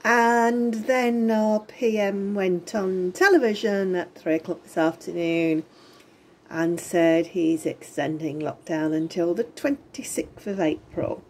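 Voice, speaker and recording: A woman's voice: on the low side, takes it slowly, a little mellow. A middle-aged woman giving a rambling, chatty video diary from her home, often breaking into giggles. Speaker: vlogger. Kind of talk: casual lockdown diary vlog. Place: home in Spain during lockdown.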